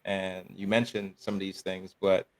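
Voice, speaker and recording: A male podcast host with a very low voice. He affirms his guest and then moves into his own reflective thoughts, speaking at a steady, conversational pace. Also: moderate pace. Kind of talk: interview conversation.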